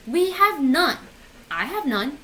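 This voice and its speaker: A woman's voice: high voice, sing-song, slow pace, fairly bright tone, slight background noise, rough recording. A woman in her twenties ranting sarcastically on her vlog, swearing and mocking herself. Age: 20s. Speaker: vlogger. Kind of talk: casual comedic rant.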